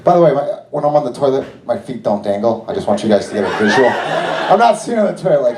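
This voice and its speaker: A man performing a stand-up comedy set on a theater stage, rambling and animated, checking in with "right?" as he goes. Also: medium pitch, fast, noisy background. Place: theater stage with live audience. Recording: echoey theater with crowd laughter.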